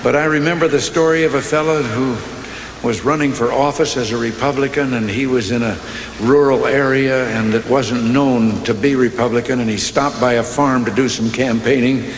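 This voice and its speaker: A man's voice: medium pitch, fairly even intonation, normal speed. An older man giving a speech full of folksy anecdotes, told with dry humor. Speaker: public speaker. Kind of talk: joke-filled speech. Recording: long hall reverb, faint noise.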